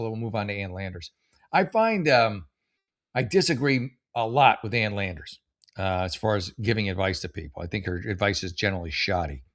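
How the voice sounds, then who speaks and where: A man in his forties hosting a comedy advice show, reading posts aloud and reacting with sarcastic, rambling, exasperated commentary. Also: mid-range voice. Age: 40s.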